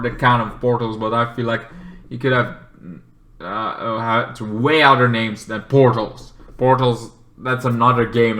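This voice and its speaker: Rambling, swearing man in an echoey room. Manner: rambling, swears, acts out characters in shrill yells. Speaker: movie reviewer. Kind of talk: casual spoken review.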